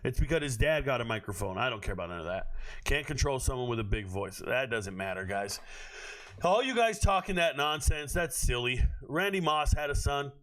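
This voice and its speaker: A man's voice: medium pitch, sing-song, brisk, fairly bright tone. A man hosting a live stream, ranting at his chat in a brash, profane, confrontational way.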